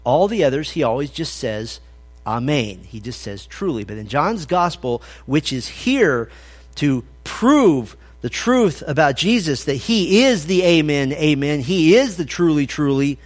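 A man's voice: fairly high pitch, very animated, unhurried. Emphatic man preaching a sermon. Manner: emphatic, conversational preaching with quoted scripture. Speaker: pastor. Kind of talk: expository sermon.

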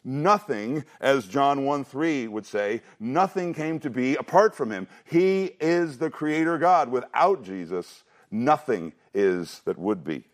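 A man preaching an expository sermon in an emphatic teaching manner, rushing through asides and slowing down to stress key phrases, often repeating himself for emphasis. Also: mid-range voice, animated. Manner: emphatic, shifting between quick asides and slow stressed phrases. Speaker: pastor.

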